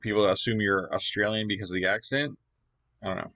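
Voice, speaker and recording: A man's voice: on the low side, steady tone, brisk, pushed and bright, dry recording. A man from Canada giving casual reaction commentary to a video, rambling and hesitant with lots of fillers.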